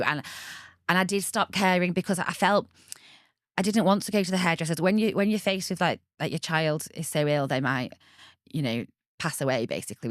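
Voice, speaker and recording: A woman in her thirties tells her personal story as a podcast guest, chatty and animated. Her voice sits on the low side and sounds dry and close to the mic. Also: no echo. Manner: chatty, animated, laughs often and acts out quoted voices.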